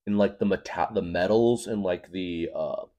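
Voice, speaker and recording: Man doing a chill young clerk, rambling, filler-heavy, casual pitch. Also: moderate pace, mellow, lightly acted. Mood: earnest.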